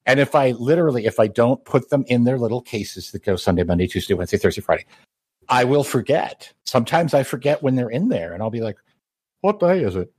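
A man's voice: medium pitch, lively intonation, fast talker, darkish tone, breathy edge, no room sound. A married man co-hosting a podcast in casual chat, joking wryly at his own expense. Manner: wry, self-mocking joker. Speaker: podcast co-host.

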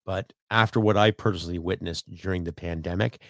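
A man's voice: low voice, fairly even intonation, a little fast, vocal fry, a bit bright, no echo, studio quality. A man from Canada hosting his own solo podcast, ranting bluntly and profanely at his audience. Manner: blunt, profane, rambling rant. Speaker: podcast host.

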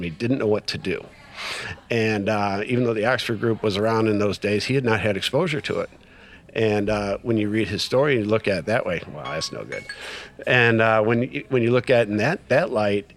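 A middle-aged man telling a personal story in casual conversation, acting out quoted dialogue with lots of fillers. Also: on the low side. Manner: animated retelling with quoted dialogue, many fillers. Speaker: guest sharing recovery story.

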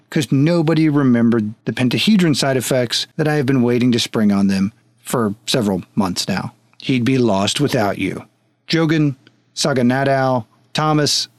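A man's voice: mid-range voice, dry recording, studio quality. A man running a tabletop game as game master and podcast host, joking and casually profane. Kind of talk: running a tabletop game, then patron thanks.

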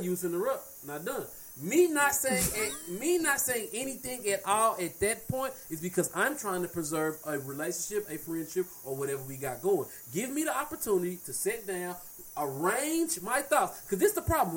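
A man's voice: high-pitched, pushed and bright, slight background noise. A man in casual chat, blunt and heated, talking in profane street slang.

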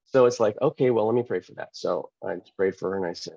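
Male pastor guest, low-pitched voice, animated storyteller who plays every part, dry close-mic sound. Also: fairly quick, creaky, husky, no room sound, muffled recording. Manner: animated, acts out quoted dialogue. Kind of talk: storytelling testimony in an interview.

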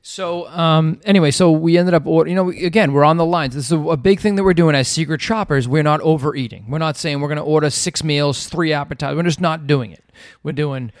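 Man, 40s, raspy co-host, animated and teasing, close dry sound. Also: on the high side, fast, dry recording. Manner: animated, teasing, mimics his wife. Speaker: podcast co-host. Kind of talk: casual storytelling chat.

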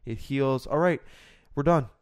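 A man's voice: medium pitch, measured pace, a little mellow, clean tone, dry recording, clean studio sound, natural voice. A man putting on a careless rambling surgeon. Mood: offhand. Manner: put-on accent, offhand rattled-off warnings. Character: rambling careless male surgeon teaching a trainee.

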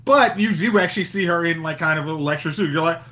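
A man's voice: a little high, fast, sharp tone. A man talking casually on a movie podcast, rambling and correcting himself as he goes. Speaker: podcast co-host. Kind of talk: casual chat.

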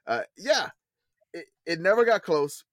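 A man's voice: fairly high pitch, very animated, a little slow, no room sound, studio quality. A man co-hosting a casual college football podcast, rambling and correcting himself as he goes. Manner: rambling, self-correcting, laughs often. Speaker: podcast co-host. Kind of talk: casual sports chat.

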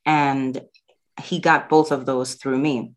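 A woman's voice: extremely low pitch, level tone, takes it slowly. A middle-aged woman speaking earnestly and from the heart as a guest in a personal conversation.

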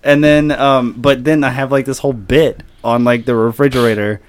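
A man's voice: medium pitch, steady tone, moderate pace, hardly any pauses, background noise. A man co-hosting a podcast, chatting casually about doing impressions with lots of fillers. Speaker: podcast co-host. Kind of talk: casual chat.

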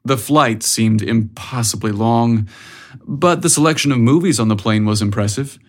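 A man narrating an audiobook story in a measured, even way. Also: medium pitch.

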